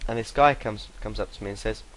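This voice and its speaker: A man's voice: fairly low pitch, fast talker, fairly bright tone, slight background noise, low-quality recording. A young man telling a rambling story to camera, swearing freely and laughing between sentences. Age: young adult. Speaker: vlogger.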